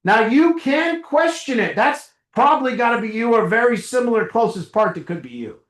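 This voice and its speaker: A middle-aged man with a very high-pitched, fairly bright voice and lively intonation speaks at a moderate pace in a reverberant meeting room. His conversational motivational talk to a small recovery group includes little acted-out dialogues and chuckles.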